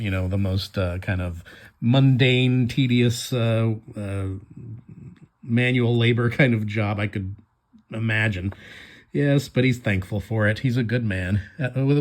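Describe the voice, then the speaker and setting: A man's voice: on the low side, a little slow. A man casually commenting on his own comic, chatty and prone to laughing as he explains it. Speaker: comic artist and creator.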